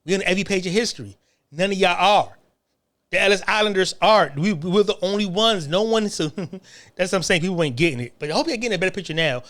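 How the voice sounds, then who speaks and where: Speaking quickly in an animated, fairly bright voice that sits high, an American online commentator launches into a foul-mouthed, mocking monologue on camera. He laughs derisively and keeps stammering through restarts.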